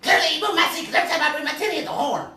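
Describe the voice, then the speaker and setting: A man voicing a big, bossy, loud woman in a film-comedy impression, speaking in a shrill, indignant way. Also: racing, exaggerated voice. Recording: echoey room, distant mic.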